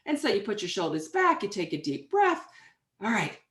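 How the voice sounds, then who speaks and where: A middle-aged woman answering interview questions as a guest author, telling stories in an emphatic, energetic way. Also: mid-range voice, fairly quick.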